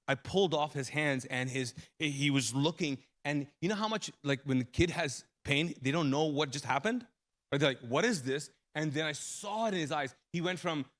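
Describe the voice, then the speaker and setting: A man in his forties with a medium-pitched, fairly bright voice preaches a live sermon as pastor in a church auditorium. He tells an emotional story, his voice swelling and dropping as it rises and falls.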